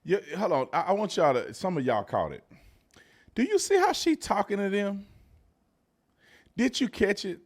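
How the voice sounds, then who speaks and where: Dude ranting over news clips, aave, mocking, goes from mumbling to yelling. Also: male voice, moderate pace, pauses often. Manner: mocking, animated, swings from low mutters to shouts. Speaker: political commentary host. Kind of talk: casual reaction commentary.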